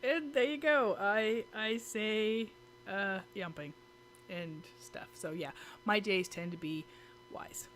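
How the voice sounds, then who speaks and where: A woman's voice: medium pitch, takes it slowly, a bit bright, a little hiss or hum. Giggly chatty woman vlogger. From United States. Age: adult with children. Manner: chatty and giggly, many fillers and restarts. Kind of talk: casual talking-to-camera vlog. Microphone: camera mic.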